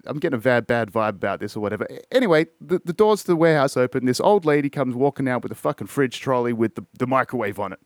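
A man's voice: medium pitch, animated, fast talker, hardly any pauses, no echo, studio quality. An Australian man telling a rambling, profane story in a casual podcast chat. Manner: profane, rambling, self-interrupting. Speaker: podcast host.

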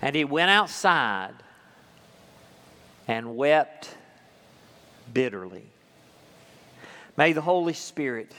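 A man's voice: fairly high pitch, a bit bright. A man preaching as pastor, reading scripture with drama and leading his congregation through a song. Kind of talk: sermon. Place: church sanctuary. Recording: long hall reverb.

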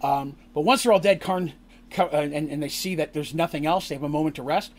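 High-voiced man recapping a tabletop game. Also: fairly quick. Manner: lively, acts out characters' lines in shouts and squeals. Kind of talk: animated storytelling recap.

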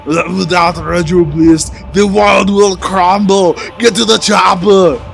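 A gravelly, stiff cyborg voice, as a man puts it on in a podcast skit. He speaks slowly and haltingly, with many hesitations. His voice sits high for a man, with faint music behind. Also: fairly even intonation, a bit bright, heavily acted. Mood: deadpan. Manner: slow, halting, full of "uh"s. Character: stiff robotic action-movie cyborg man. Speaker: podcast co-host. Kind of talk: comedy skit.

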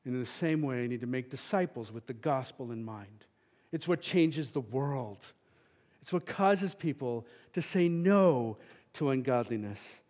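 Middle-aged pastor guy preaching in church, gets really passionate, punchy loud bits. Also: mid-range voice, unhurried. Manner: passionate, emphatic preaching with sudden loud peaks. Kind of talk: sermon.

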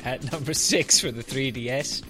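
A man's voice: medium pitch, normal speed, over music. A man co-hosting a casual gaming podcast, joking dryly and reading out chart rankings. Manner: dry, joking, reads chart lists. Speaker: podcast co-host. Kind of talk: casual chat.

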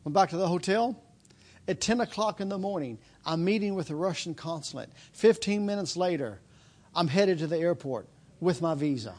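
A man preaching a sermon, telling a personal story and then building into a loud, repetitive preaching cadence. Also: high voice, lively intonation, moderate pace.

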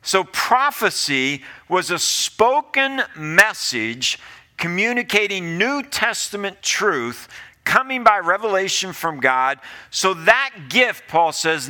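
Pastor guy mid sermon, earnest and pleading, keeps repeating himself, bright voice. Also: on the high side. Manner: earnest preaching, repeats phrases, pleading exhortations.

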